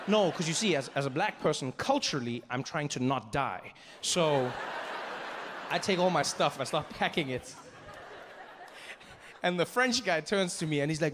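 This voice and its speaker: A man telling a stand-up comedy story, lively and animated, acting out the other people in it with big jumps in pitch. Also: moderate pace, in a large hall, noisy background.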